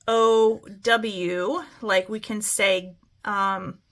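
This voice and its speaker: A woman's voice: medium pitch, fairly even intonation, a bit bright. A woman teaching a phonics lesson to children, stretching out words as she models them. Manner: slow, stretched-out word modeling.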